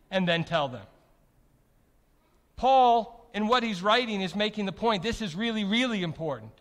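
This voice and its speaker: A man preaching a sermon, emphatic, with rhetorical questions, swinging from loud proclamations to quiet, soft passages. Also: sits high, expressive, a little fast. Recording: reverberant hall.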